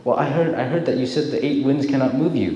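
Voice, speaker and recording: Man doing a calm, teasing Zen master. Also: mid-range voice, quick pace, reverberant, in a large hall, slight background noise, voice pushed up, close to an everyday voice, rough recording. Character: serene, witty old male Zen master.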